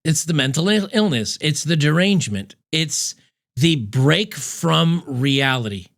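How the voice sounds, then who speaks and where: A man with a somewhat high, gravelly voice talks over a video clip as its host. He sounds emphatic and scornful, mocking what he is showing. The delivery is that of reaction commentary. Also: lively intonation, measured pace, fairly bright tone.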